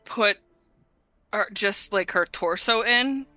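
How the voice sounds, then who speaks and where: Bright-voiced woman playing casually. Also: mid-range voice, slow pace, soft background music. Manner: casual, blunt, with many likes. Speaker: player. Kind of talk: casual tabletop play.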